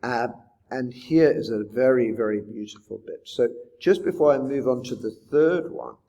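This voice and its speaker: A man's voice: medium pitch, moderate pace, creaky, warm tone, dull audio. Reflective man lecturing on poetry. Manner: reflective, asks rhetorical questions. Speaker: teacher.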